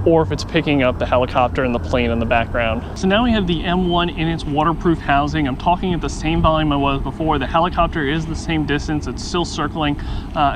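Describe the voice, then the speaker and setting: A man casually explaining a gear test step by step while outdoors on a clip-on wireless mic, with wind and helicopters around. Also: fairly high pitch. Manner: chatty, narrates each step as he goes. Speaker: gear reviewer. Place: outdoors, parking garage roof and hill trail. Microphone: clip-on wireless mic near mouth.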